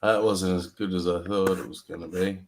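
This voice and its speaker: A man's voice: low voice, fairly even intonation, moderate pace, a little hiss or hum. A man hosting a podcast, casual, laid-back and teasing with slang. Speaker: podcast host. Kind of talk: casual chat.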